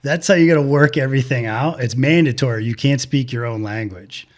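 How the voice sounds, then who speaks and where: A man's voice: medium pitch, a little fast. A man co-hosting a podcast, telling stories in rambling, profane casual chat full of fillers. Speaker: podcast co-host.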